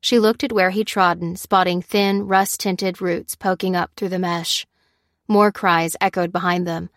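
A woman narrating a story in a steady, even storytelling manner. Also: on the low side, no echo, studio quality. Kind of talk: scripted narration.

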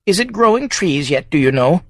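A woman's voice: lowish voice, big pitch swings, moderate pace, no echo, voice pushed up. A man voicing a wily, blunt woman smallholder over seventy, with sly, clipped country speech. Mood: shrewd. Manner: sly, clipped rural speech, fond of swearing.

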